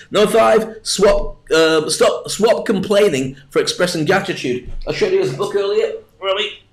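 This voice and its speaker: A man giving a livestreamed motivational talk, chatty and jokey, with self-mocking asides. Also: high-pitched. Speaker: motivational speaker.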